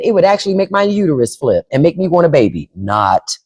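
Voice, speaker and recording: A woman's voice: on the low side, lively intonation, a little fast, few pauses, darkish tone. A middle-aged woman hosting a casual livestream from home into a microphone, acting out quoted voices as she talks. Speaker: livestream host.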